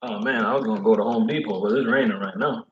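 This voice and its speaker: A man who is a food service delivery driver, chatting casually in slangy, animated talk. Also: lowish voice, fast talker, muffled recording, a little hiss or hum. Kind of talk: casual chat.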